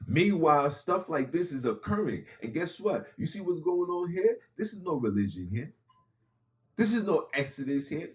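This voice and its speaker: A man's voice: fairly high pitch, big pitch swings, moderate pace. A man hosting a podcast, speaking in an impassioned monologue with casual street phrasing and repeated lines for emphasis. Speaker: podcast host.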